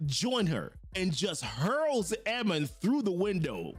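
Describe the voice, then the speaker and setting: A man giving a casual, slangy recap of a story, animated in his telling. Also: high-pitched, slow, breathy edge, soft background music. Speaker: recap video host.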